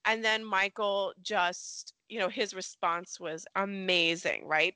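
A woman co-hosting a podcast in casual chat, animated and laughing often, saying "like" a lot. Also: mid-range voice, takes it slowly, clear, resonant tone, no echo. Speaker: podcast co-host. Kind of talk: casual chat recapping a soap opera.

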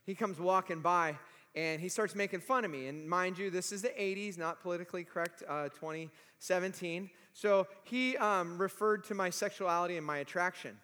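High, bright-voiced storytelling pastor. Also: male voice, moderate pace, clean tone. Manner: animated storytelling with humor. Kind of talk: sermon. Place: church sanctuary. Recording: long reverb of a large hall.

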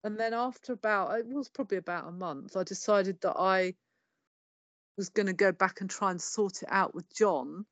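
A woman's voice: mid-range voice, normal speed, fairly bright tone, no echo. A middle-aged English woman with an English accent, a podcast guest telling her life story candidly, swearing freely and acting out what people said. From England. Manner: swears freely, tells it bluntly with quoted dialogue.

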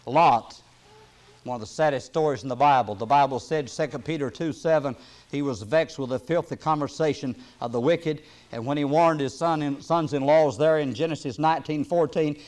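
A male preacher delivering a sermon in a voice of middle pitch. He lifts his voice to read King James scripture, then drops low and soft in plain, folksy asides. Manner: reads scripture aloud with rising emphasis, then drops soft.

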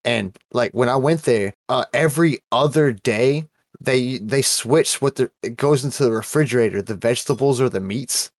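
A man co-hosting a podcast, ranting bluntly and profanely about fast food jobs. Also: mid-range voice, no echo, studio quality. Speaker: podcast co-host. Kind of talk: casual chat.

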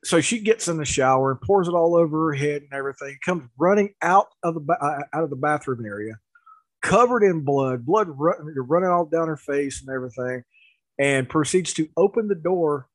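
A man telling a story in casual chat, animated, with laughs and restarts. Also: fairly high pitch, normal speed, no room sound, rough recording.

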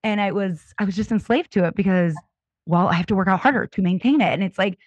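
A woman's voice: medium pitch, quick pace, no echo. Woman in her 30s, candid podcast guest, earnest and faith-centered, dull, dry audio. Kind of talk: candid personal testimony.

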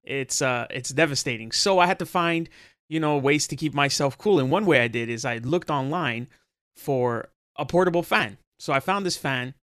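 A man's voice: medium pitch, normal speed, a bit bright, no echo. A man chatting casually on a podcast, easygoing and jokey with plenty of fillers. His voice sits in an ordinary middle range. The sound is dry and close. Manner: laid-back, joking, talks with fillers. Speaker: podcast co-host. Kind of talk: casual chat.

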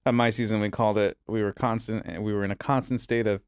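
Smooth-voiced man telling stories as a guest. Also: on the low side, steady tone, fast, dry recording, studio quality. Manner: chatty, anecdotal, self-correcting storyteller. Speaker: podcast guest, former cooking contestant. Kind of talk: casual chat.

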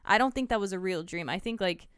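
A woman's voice: medium pitch, animated, quick pace, a bit bright, clear, resonant tone, no room sound, clean studio sound. A woman co-hosting a podcast, thinking aloud in casual chat and guessing at what a horror film means. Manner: speculative, thinks aloud with hedging. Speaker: podcast co-host. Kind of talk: casual movie review chat.

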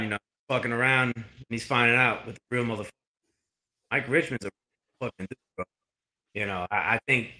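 A man's voice: mid-range voice, bright, forceful tone, low-quality recording. A man with a Brooklyn accent, a guest in casual podcast chat, talking in blunt, profane, streetwise banter. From Brooklyn, New York.

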